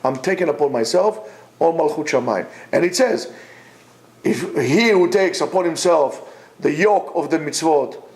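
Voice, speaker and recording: High-voiced man teaching with emphatic repetition. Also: animated, moderate pace, darkish tone. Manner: emphatic, rhetorical, repeats points; talks directly to absent listeners. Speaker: Torah teacher. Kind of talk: informal Torah class.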